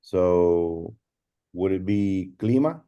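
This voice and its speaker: A deep, mellow-voiced man asks tentative questions as a student. His audio comes through dull and lo-fi. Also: very slow, clear, resonant tone. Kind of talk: online class participation.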